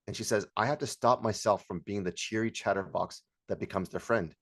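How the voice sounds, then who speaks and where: Middle-aged guy doing a hyped sales training, lowish voice, plays out call scripts. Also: fairly quick. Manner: energetic, acts out call dialogue, shouts hype lines. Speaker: sales coach.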